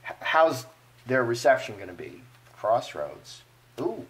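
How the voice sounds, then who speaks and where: Reading cards at a moderate pace, this man of medium pitch gives casual fortune-telling commentary as a card reader. His delivery is animated and playful, and he acts out imagined speech.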